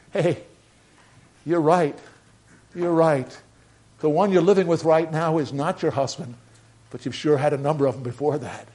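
A man's voice: fairly high pitch, a little mellow. An older man, a pastor, preaching a sermon in a conversational way that rises into emphatic bursts.

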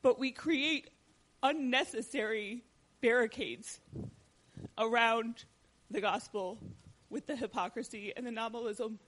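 A woman taking part in a Bible class discussion, halting and searching for her words. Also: on the high side, a bit bright. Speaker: class participant.

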